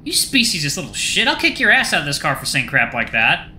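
A man voicing a brash young hyena woman who jokes loudly and talks with sarcasm in a visual novel game. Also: high voice, very animated, fast talker, a little hiss or hum, voice pushed up, exaggerated voice. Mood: amused. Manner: loud, teasing and sarcastic.

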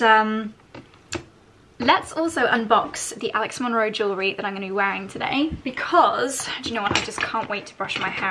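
Giggly woman vlogging at home, bit high voice, rambles on chattily. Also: pushed and bright. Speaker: fashion vlogger. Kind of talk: chatty morning vlog to camera.

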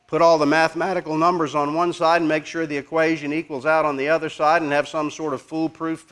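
A man teaching a congregation in a conversational, halting way, pausing to ask the audience questions. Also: a little high, a bit bright. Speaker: preacher teaching apologetics.

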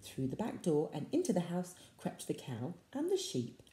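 A woman reading a picture book aloud to young children, expressive and slow, slipping into soft whispers for asides. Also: lowish voice. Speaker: storyteller for children. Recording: echoey room.

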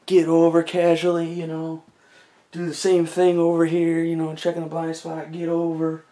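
A man's voice: a little high, darkish tone. A young man telling a rambling, casual comic story to the camera, full of "like" and "you know" as he acts out moves.

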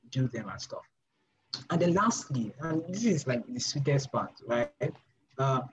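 A young man with a medium-pitched, slightly mellow voice mentors designers in an informal live session. He's emphatic, repeats phrases, and fires off rhetorical questions. The lo-fi recording sounds slightly dull, with slight background noise.

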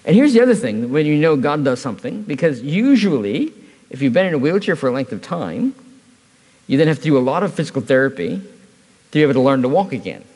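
A man preaching at a church service, his voice pitched a little high and swinging widely as he tells a story with easy, joking asides. The sound carries the long reverb of a church hall. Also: very animated, fairly quick, darkish tone, breathy edge. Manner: conversational storytelling with humor. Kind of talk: sermon.

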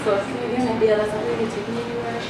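Young female stand-up comic, self-deprecating and chatty, slightly high voice, distant mic in a noisy room. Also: flat delivery, very fast. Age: young adult. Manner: chatty, self-mocking, laughs at own jokes. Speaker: stand-up comedian. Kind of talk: stand-up comedy set. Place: small live venue with audience laughter. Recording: echoey, distant, noisy live room recording.

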